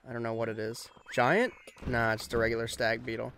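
A young man hosting a let's play, chatting casually and getting quickly frustrated, mocking himself as he goes. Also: medium pitch, flat delivery, a bit bright, soft background music. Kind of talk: casual gameplay commentary.

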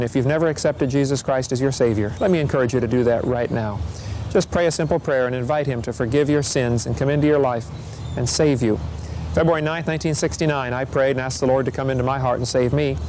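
A middle-aged man preaching a lively seminar talk to young people, folksy and energetic in his storytelling. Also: medium pitch, slight background noise. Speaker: evangelist speaker.

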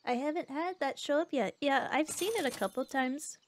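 Expressive young woman streamer, high voice. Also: normal speed, dry recording. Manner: expressive, reacts loudly to the game and chat. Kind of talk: casual gameplay commentary. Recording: faint background music.

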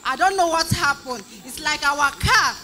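A woman with a Nigerian accent giving an emotional testimony in church, animated, repeating phrases, often crying out and laughing. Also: sits high, normal speed, loud music behind the voice.

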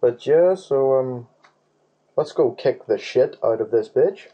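A man's voice: medium pitch, animated, slow, breathy edge, highs cut off. A man giving casual gaming commentary while he plays, rambling, swearing freely and humming nonsense tunes. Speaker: let's play gamer.

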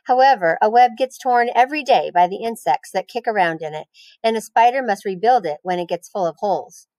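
A woman, a teacher, reading a children's novel aloud in a clear, expressive storytelling voice. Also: medium pitch, a little fast, no room sound.

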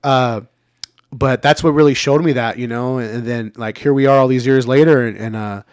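This podcast regular, a man in his thirties, chats casually in a medium-pitched, smooth voice with a steady tone at normal speed. The studio recording is clean, with no room sound. He's candid and relaxed, filling his talk with fillers and dropping the odd swear word.

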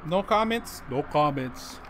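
A man's voice: fairly high pitch, lively intonation, a little slow, fairly bright tone, a little hiss or hum. A man streaming live from home, joking with chat and tacking "man" onto his sentences, on a desk condenser mic with a pop filter. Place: home room with a dog.

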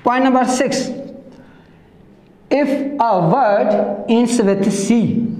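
Male teacher, high voice, unhurried step-by-step grammar explanation. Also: a little mellow, reverberant, low-quality recording. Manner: slow, step-by-step explaining, repeats words for emphasis. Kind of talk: classroom grammar lesson.

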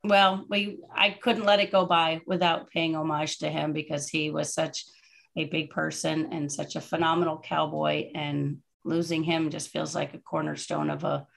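A woman hosting a casual tribute chat over a video call, chatty and quick to laugh. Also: low voice, flat delivery, vocal fry. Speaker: host.

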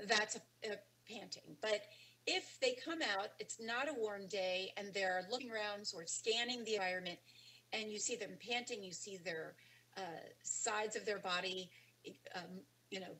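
A woman's voice: medium pitch, sharp tone, poor audio. A woman teaching a webinar on dog behavior, explaining casually with frequent ums and restarts. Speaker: dog training instructor. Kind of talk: webinar lecture.

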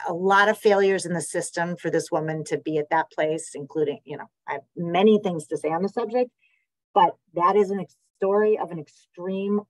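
A woman's voice: lowish voice, no echo, poor audio. A woman psychiatrist with an American accent giving a conversational webinar talk over a video call, with many fillers and restarts. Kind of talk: webinar presentation.

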